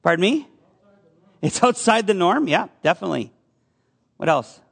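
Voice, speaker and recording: A man's voice: sits high, very animated, moderate pace, vocal fry, fairly bright tone, slightly rough. A male pastor giving a conversational sermon, asking his congregation questions as he goes. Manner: conversational preaching with audience questions.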